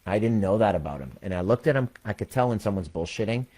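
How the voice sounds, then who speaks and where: A man with a very low voice speaks candidly to his community, telling a story in plain words and swearing freely. He slows down to stress his main points, like a coach talking straight to his members. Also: lively intonation, mellow. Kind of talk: personal story and address to a community.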